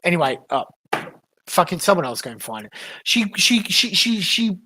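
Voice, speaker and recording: A woman's voice: fairly low pitch, very animated, normal speed, pushed and bright, breathy edge. A woman livestreaming, reacting in an irate, swearing rant in casual stream talk. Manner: irate profane ranting.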